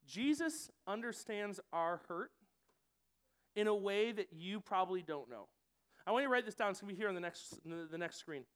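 A man preaching in a relaxed, conversational way to a gathered room. He keeps it chatty and animated and slips into quick acted-out voices of what people might think or say. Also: sits high, smooth. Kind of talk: sermon. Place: church room with audience.

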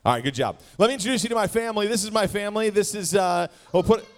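A man's voice: sits high, quick pace. A man in his forties from Wisconsin, giving a playful sermon as guest speaker and joking straight with the crowd in a church hall. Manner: jokey, animated, talks straight to the crowd.

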